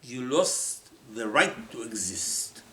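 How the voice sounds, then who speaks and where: A man's voice: mid-range voice, very animated, slow, a bit bright. A man preaching a sermon, emphatic and repetitive, often acting out the voices of the people he quotes. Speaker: rabbi. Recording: echoey room with faint ambience.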